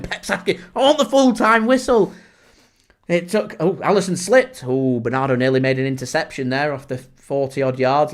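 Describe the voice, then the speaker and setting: This man's high voice runs steady play-by-play during his fan channel's live football watchalong. When big moments hit, he gets excitable, quickly breaking into shouts and disbelieving laughter.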